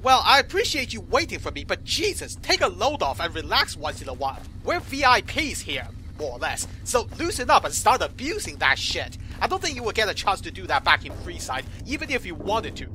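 A man's voice: high-pitched, wildly swooping pitch, brisk, few pauses, sharp tone, slight background noise. A man giving comedic gameplay commentary in a sarcastic, profane, exasperated manner. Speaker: commentator voicing the player character.

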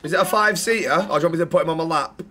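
A man roleplaying in a game, deadpan and polite with cheeky asides. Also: fairly high pitch, rapid-fire. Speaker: roleplay character.

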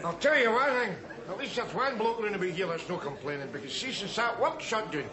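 Brash Glaswegian loudmouth, high lively voice, pub crowd behind. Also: male voice, brisk. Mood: sly. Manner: brash, mocking, shouty. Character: loud scruffy middle-aged Glasgow street philosopher. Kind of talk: sitcom acting.

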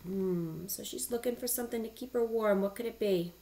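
A woman teacher reading a picture book aloud to children, animated and asking them questions. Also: on the high side, quick pace, slight background noise.

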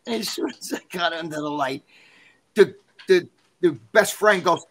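Bright, animated, foul-mouthed storyteller man. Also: high voice, normal speed, breathy edge. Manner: profane, animated, rambling. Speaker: interview guest. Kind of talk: casual storytelling.

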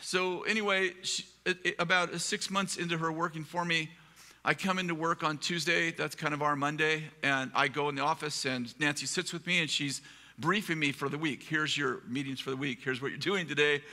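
A pastor telling a humorous, rambling personal story in a live sermon, with self-deprecating jokes. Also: male voice, on the high side, gravelly, sharp tone, long reverb tail. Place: live event hall.

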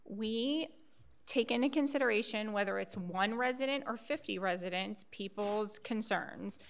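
A woman chairing a public meeting, firm and measured as she explains the board's position. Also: medium pitch, creaky.

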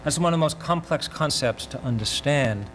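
An older man giving an academic lecture in a measured, reflective way, often pausing mid-thought. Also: fairly high pitch, a bit bright, slight background noise, poor audio. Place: university lecture.

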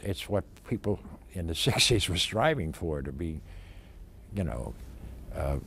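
An older male actor being interviewed about his career, talking in an emphatic, animated way with many restarts and stammers. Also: deep voice.

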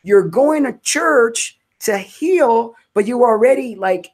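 A woman's voice: a little high, animated, takes it slowly, a little mellow. A woman hosts a casual conversation about faith. She speaks with fervent emotion and fills her sentences with little fillers. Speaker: host.

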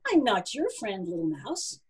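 A woman voicing a bossy, self-important female cow who speaks in a pompous, booming way in a storybook reading. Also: huge pitch swings, unhurried, darkish tone, husky, heavily acted. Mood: haughty.

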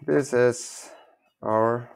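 Slow, gravelly man teaching German. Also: mid-range voice, fairly even intonation, faint music behind. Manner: halting, repeats words, self-correcting. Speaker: language learner teaching German basics. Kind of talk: informal self-taught lesson.

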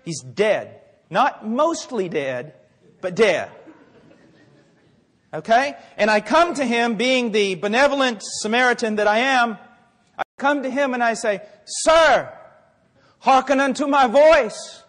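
A man preaching a sermon with great fervor, dropping to quiet asides and rising to shouts. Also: very high voice, animated, measured pace, long pauses. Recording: long hall reverb.

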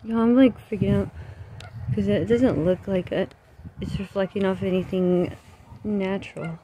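A woman's voice: medium pitch, fairly even intonation, moderate pace, dark tone, muffled recording. A woman filming an outdoor vlog on her phone, giving an anxious, breathless running commentary. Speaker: vlogger. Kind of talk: handheld paranormal vlog commentary. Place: outdoors by a road at night. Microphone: phone camera. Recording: phone recording with outdoor noise.

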